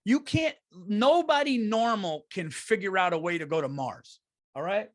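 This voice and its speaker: A man's voice: expressive, normal speed, no echo. Profane ranting New man, dry. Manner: profane, swings from loud rants to low muttering. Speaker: comedy podcast host. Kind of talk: ranting comedic monologue.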